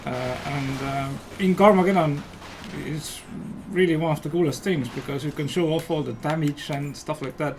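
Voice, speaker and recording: Estonian-accented male dev, high and eager, faint hum behind. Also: normal speed. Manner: rambling and enthusiastic, many fillers. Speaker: game developer and guest player. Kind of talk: casual livestream chat while playing.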